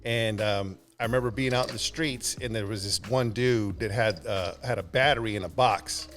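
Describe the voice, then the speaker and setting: A man guesting on a podcast, telling rambling anecdotes in relaxed, casual conversation. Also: on the low side, moderate pace, faint music behind. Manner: laid-back, rambling anecdotes with laughs.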